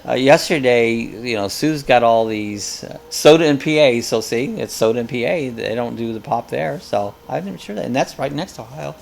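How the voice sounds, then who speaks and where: A man's voice: mid-range voice, normal speed, creaky, few pauses, slight background noise. A man hosting a casual live chat, rambling and joking as he tells stories. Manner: rambling, jokey storyteller.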